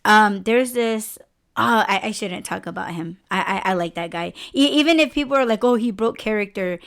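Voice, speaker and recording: A woman's voice: mid-range voice, normal speed, gravelly, a bit bright. A woman hosting a podcast, chatting candidly and expressively, swearing freely as she rambles. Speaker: podcast host. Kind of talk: casual podcast chat.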